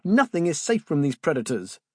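A narrator voices a boyish young amateur botanist, lifted a little higher than his own voice and full of quick, fussy eagerness. The tone is slightly husky with a lively rise and fall. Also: no room sound, studio quality. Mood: indignant.

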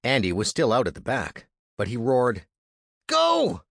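A man reading an audiobook in an expressive, dramatic manner, recorded on a close studio mic. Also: mid-range voice, moderate pace, no room sound. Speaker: audiobook narrator. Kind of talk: scripted audiobook narration.

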